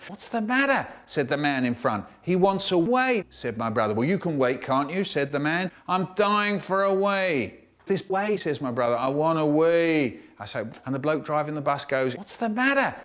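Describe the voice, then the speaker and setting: A man's voice: a little high, normal speed. A man telling comic childhood stories, acting out the voices of the people in them. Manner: animated, mimicking other voices. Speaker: storyteller. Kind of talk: comic storytelling, remixed.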